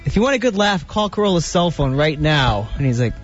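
A man's voice: a little high, big pitch swings, fairly quick. A male radio co-host telling a funny story in an amused, chatty way. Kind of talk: anecdote on radio. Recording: dull radio broadcast with faint music.

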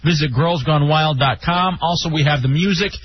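A man's voice: fairly high pitch, moderate pace, slight background noise. A man hosting a casual radio show, joking around and reading promos and phone numbers. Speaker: radio host. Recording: dull lo-fi radio audio with music.

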